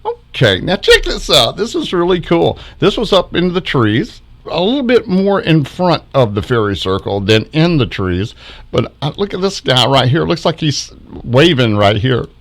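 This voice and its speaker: A man's voice: fairly high pitch, wildly swooping pitch, moderate pace. A middle-aged man casually narrating his backyard footage as a ufology vlogger, chuckling often as he points out faces in orbs.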